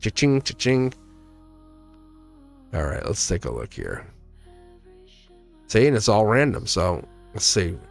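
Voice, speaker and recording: A man hosting a live tarot stream, talking in a rambling, animated way and laughing often. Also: low-pitched, a little slow, creaky, pauses often, faint music behind. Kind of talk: casual live-stream chat.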